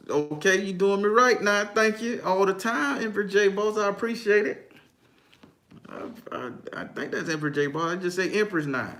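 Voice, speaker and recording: A man's voice: mid-range voice, a bit bright. A man hosting a casual livestream as a tarot reader, talking emphatically and profanely, reading viewers' comments aloud and often laughing. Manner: breaks into frequent laughter.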